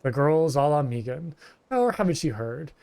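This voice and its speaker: A man voicing a gruff, coarse brawler in a video game, reading the part aloud. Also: a little high, sing-song, moderate pace, darkish tone. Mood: scornful.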